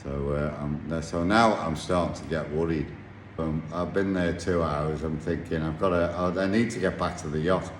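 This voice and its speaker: A man telling a casual anecdote about his sailing trip, halting and full of restarts. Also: extremely low pitch, fairly even intonation. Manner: rambling, halting storyteller with many restarts. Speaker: yacht captain telling a story. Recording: echoey room with faint noise.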